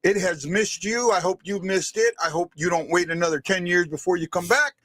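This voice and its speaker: Animated fan-show host, a man. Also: high voice, brisk, no room sound. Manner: rambling, animated, with restarts. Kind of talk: casual live-stream sports talk.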